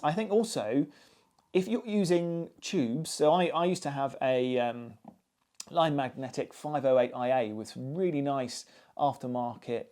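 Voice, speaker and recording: Male hi-fi reviewer, relaxed and chatty, slightly raised pitch, warm tone. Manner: chatty, musing, with frequent ums and asides. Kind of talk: casual spoken product review.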